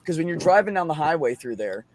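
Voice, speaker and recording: A man chatting casually on a podcast, telling excited stories and swearing often. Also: on the high side, quick pace, a little hiss or hum. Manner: excited storytelling, frequent swearing. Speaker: podcast host. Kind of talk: casual chat.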